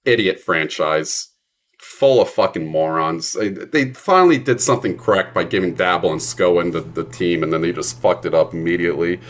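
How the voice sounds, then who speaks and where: A man's voice: low voice, normal speed. A male streamer chatting casually while he plays, ranting with plenty of swearing. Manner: profane, ranting.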